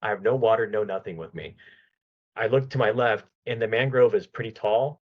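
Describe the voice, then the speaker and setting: A man with a fairly low voice tells a long anecdote as a podcast guest, animated and chatty. He often stumbles and restarts mid-sentence. The recording sounds somewhat dull and lo-fi. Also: brisk. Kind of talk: casual storytelling in an interview.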